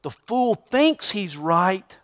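A man preaching a sermon, reading verses and telling a folksy joke with lively, animated delivery. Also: slow pace, no room sound, clean studio sound. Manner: folksy, animated storytelling, pitch jumping high for punchlines. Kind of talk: sermon with jokes.

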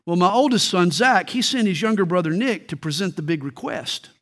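Male pastor, high voice, middle-aged, storytelling sermon delivery with emphatic slowdowns. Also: lively intonation, fairly bright tone.

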